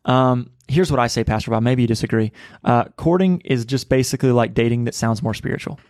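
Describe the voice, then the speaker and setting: Brief: male pastor co-host, mid-pitched, earnest and chatty, dry mic. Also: brisk, darkish tone, dry recording. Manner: earnest, conversational, frequent fillers. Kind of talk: casual podcast discussion.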